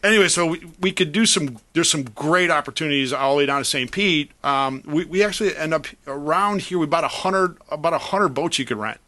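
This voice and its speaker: A man's voice: fairly high pitch, a little fast, few pauses, sharp tone. A man with a Chicago accent, a yacht broker talking casually as a guest, rambling with many restarts. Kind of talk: casual radio talk.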